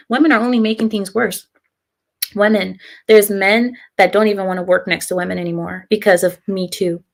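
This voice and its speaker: A woman's voice: medium pitch, steady tone, normal speed, gravelly. Opinionated woman streamer, laughing often. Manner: opinionated, laughs often while reading comments. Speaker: live-stream host reading chat. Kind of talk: casual live-stream chat.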